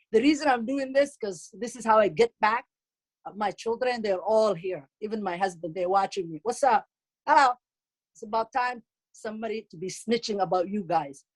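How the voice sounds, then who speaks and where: A middle-aged woman from Somalia with a Somali accent and Somali as her first language, telling comic stories in an animated, teasing way and exclaiming often. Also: mid-range voice. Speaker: comedic speaker at a community event. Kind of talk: comic storytelling.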